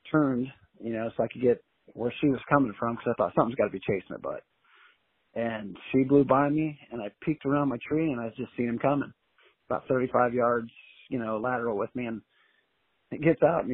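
A man telling a long story in a casual, colloquial and animated way as an interview guest, heard over a phone line. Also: medium pitch, husky, no echo. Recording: tinny dry phone line.

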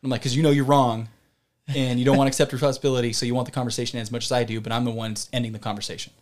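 Fast-talking rambling man telling a story. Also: medium pitch, level tone. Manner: rambling, digressive, swears and laughs while telling a story. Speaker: podcast co-host. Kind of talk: casual storytelling chat.

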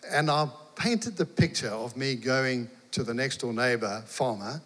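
A man preaching, telling a lively personal story and acting out the dialogue. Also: mid-range voice, measured pace. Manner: animated storyteller, acts out dialogue, laughs. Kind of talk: storytelling sermon. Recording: long hall reverb.

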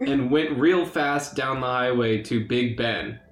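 A man reads a ridiculous fanfiction aloud at an unhurried pace. He keeps cracking up and tripping over the misspelled words. The room is echoey, with faint music in the background. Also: mid-range voice. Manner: reads slowly, laughs often, stumbles over misspelled words. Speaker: co-host reading a fanfiction aloud. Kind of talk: comedic dramatic reading.

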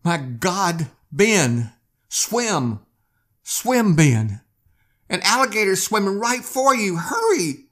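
Frantic frontier wife, high and pleading, read by a male narrator. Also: sing-song, slow pace, long pauses, a bit bright, heavily acted. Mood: screaming panic. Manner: anxious, pleading, raised falsetto-ish pitch. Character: frightened young pioneer wife, pleading.

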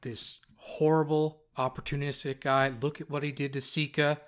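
A man voicing a gently reassuring adventurer. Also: on the high side, flat delivery, normal speed, clean tone, natural voice. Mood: comforting. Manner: soothing, reassuring, comforting. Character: male adventurer, bold but composed.

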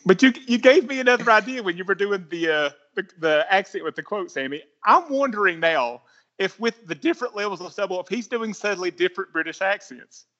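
Lively high-voiced man, bright tone. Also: a little fast, lo-fi sound. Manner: animated, thinking aloud with restarts. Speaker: podcast co-host. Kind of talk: casual movie discussion.

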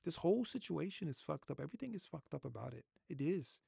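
Very animated and quick, this thirty-something man's voice sits on the high side, warm yet creaky with a breathy edge. He gives casual opinions in a vlog, repeating himself and swearing freely while holding back tears. The audio is clean studio sound without echo.

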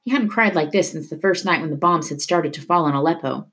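Low-voiced woman reading a novel aloud. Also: brisk. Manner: steady storytelling. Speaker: reader.

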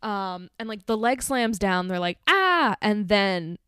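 A woman co-hosting a podcast, talking loosely and excitedly as she recaps a film scene by scene. She laughs a lot and acts out lines from the movie as she goes. Her voice sits mid-range and is recorded dry and close, with no room sound. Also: mid-range voice, a little slow, clear, resonant tone, dry recording. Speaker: podcast co-host. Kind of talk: casual film chat.

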